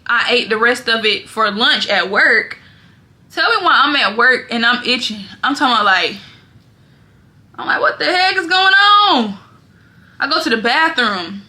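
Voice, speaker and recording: Bright, animated young woman vlogger. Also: on the high side. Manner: animated, dramatic storytelling, often addresses viewers as y'all. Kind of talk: casual storytelling vlog.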